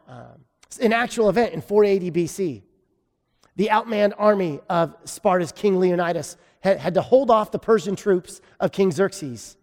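Brief: male pastor, higher-pitched voice, chatty joking sermon delivery, hall reverb. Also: a little mellow. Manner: self-deprecating humor, conversational preaching.

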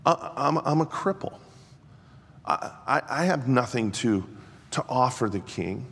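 A man voicing a frail, frightened lame man who talks in a soft, trembling stammer. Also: medium pitch, slow, husky. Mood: timid. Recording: long hall reverb.

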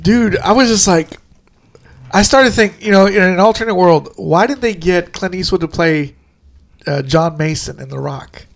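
A man co-hosting a podcast, chatting casually about movies, laughing often and swearing, with many drawn-out fillers. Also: high-pitched, creaky. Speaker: podcast co-host.

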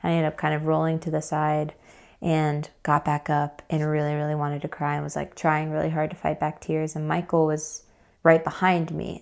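A woman's voice: sits low, completely flat delivery, moderate pace, gravelly, clear, resonant tone. A woman as an interview guest, telling a story in a casual, chatty way with many fillers.

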